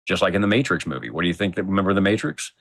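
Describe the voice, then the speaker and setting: A man's voice: low-pitched, rapid-fire, fairly bright tone, no room sound. A man guest on a casual talk show, thinking aloud and making emphatic points. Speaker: podcast guest. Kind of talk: casual chat.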